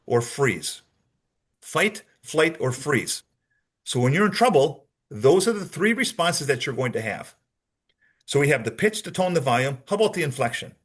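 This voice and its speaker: A man's voice: on the high side, fairly bright tone, husky. A man teaching a lecture on detecting deception, explaining step by step, repeating key points and acting out sample answers. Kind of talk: training lecture.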